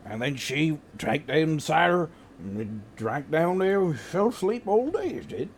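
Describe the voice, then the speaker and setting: A man's voice: fairly high pitch, sing-song, normal speed, a little hiss or hum, pitched above the performer's own voice. A man voicing an old rustic male gardener with a put-on West Country accent, rambling in folksy dialect. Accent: West Country English, put on.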